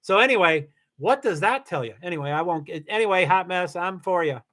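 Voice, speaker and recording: A man's voice: high-pitched, expressive, brisk, a bit bright. A middle-aged man hosting a livestream, chatting casually with viewers, rambling with frequent restarts and the odd swear word. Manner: rambling, restarts often, swears when heated. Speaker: livestream host reading chat. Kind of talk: casual chat.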